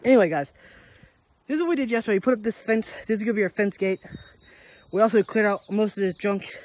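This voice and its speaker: A young adult vlogger talks into a handheld camera while walking outside on a rural property, a little out of breath. The delivery rambles and chuckles, keeps losing track of names and circles back to the same complaints. The voice sits at an ordinary middle pitch. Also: fast talker, a little mellow. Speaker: daily vlogger. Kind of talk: casual rambling movie review.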